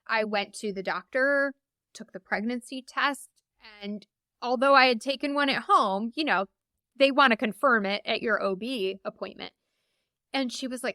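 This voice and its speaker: Woman guest with a bright, clear voice. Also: a little high, moderate pace, no echo, studio quality. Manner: animated, acts out quoted voices. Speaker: podcast guest, memoir author. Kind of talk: casual storytelling.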